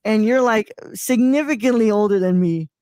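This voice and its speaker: A man in his twenties from Mexico hosts a casual live stream, rambling, tripping over names and using lots of fillers. His voice sits high with a darkish tone, his pace is moderate, and there's no room sound.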